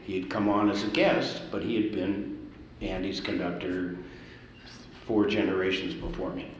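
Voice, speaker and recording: An older man who composes music, telling lively anecdotes to an audience and jumping up in pitch to stress a point. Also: moderate pace, echoey room, in a large hall, slight background noise, poor audio. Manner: animated anecdotes, swings up in pitch for emphasis. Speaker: composer, speaker at an event. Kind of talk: storytelling to an audience.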